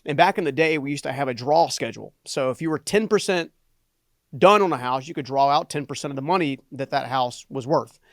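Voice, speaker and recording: A middle-aged man, a guest on a podcast, telling a personal story in an animated way and often adding "right?" for emphasis. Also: medium pitch, fairly quick, no room sound, studio quality. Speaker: guest, entrepreneur and motivational speaker.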